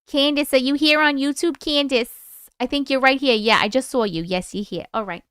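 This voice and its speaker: A woman's voice: sits high, slow, pauses often, a bit bright, smooth, no room sound, clean studio sound. A woman hosting a live stream, chatting casually and swearing freely before reading viewer stories.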